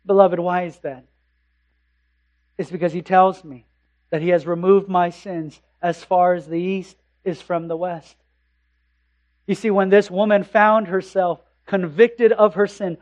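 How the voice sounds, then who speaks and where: Slow, high-voiced impassioned preacher man. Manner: impassioned preaching, rising to loud emphasis and dropping to hushed tones; slow, deliberate delivery with rhetorical questions. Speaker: pastor. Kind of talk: sermon.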